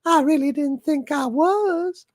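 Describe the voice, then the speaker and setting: Southern belle, high fluttery falsetto, swooning, slow genteel drawl, dry close sound. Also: male voice, no room sound. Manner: prissy, genteel, faint with the vapors.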